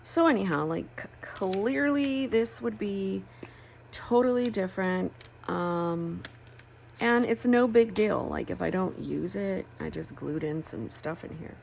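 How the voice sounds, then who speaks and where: A woman's voice: mid-range voice, a little slow, gravelly, a little mellow, a little hiss or hum. A woman, chatting candidly while crafting, rambling and swearing freely. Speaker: planner crafting vlogger. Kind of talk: casual chat while crafting.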